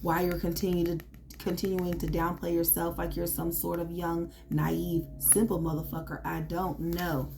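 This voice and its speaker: A woman's voice: on the low side, flat delivery, normal speed, gravelly, a little mellow, a little hiss or hum. Blunt, profane woman reading tarot. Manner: emphatic, pep-talk delivery. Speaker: tarot reader.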